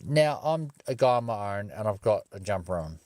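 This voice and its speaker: A man's voice: fairly low pitch, moderate pace, no room sound. A young man telling a story casually and with plenty of swearing on a livestream from his parked car. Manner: profane, animated storyteller.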